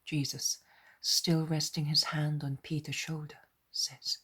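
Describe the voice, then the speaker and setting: A woman reader narrating a devotional audiobook in a soft, measured unvoiced whisper. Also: low-pitched, flat delivery, breathy edge.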